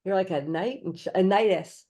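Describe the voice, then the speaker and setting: A woman's voice: lowish voice, moderate pace, warm tone. A woman hosting a casual interview podcast, upbeat and encouraging, laughing easily. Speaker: podcast host.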